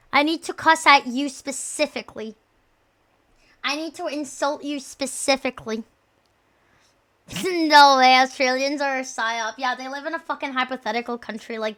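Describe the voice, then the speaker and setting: A woman streamer with a high, sharp voice chats loosely with her audience. She rambles and swears a lot, and she jumps between loud outbursts and muttered asides. Her tone stays crisp and clear throughout. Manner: profane, rambling, playfully insulting; excitable, quick shifts between loud outbursts and mumbles. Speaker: live streamer. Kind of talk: casual live-stream chat.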